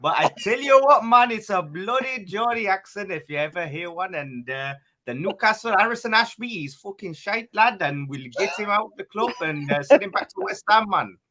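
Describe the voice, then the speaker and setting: A man's voice: sits high, lively intonation, moderate pace, hardly any pauses, bright, forceful tone. A man putting on a brash Geordie lad voice. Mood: mock brash. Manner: swearing, mock-aggressive banter. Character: brash Geordie football lad, crude and boastful.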